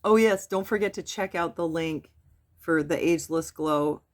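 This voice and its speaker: A middle-aged woman giving a casual, halting personal update to her webcam, with frequent restarts. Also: deep voice. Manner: soft, halting, with many restarts and fillers. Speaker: vlogger.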